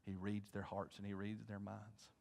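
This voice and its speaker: A male pastor preaching a sermon to his congregation, dropping to hushed asides and rising to loud, intense appeals while asking the room questions. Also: fairly low pitch, completely flat delivery, normal speed, vocal fry. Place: church sanctuary.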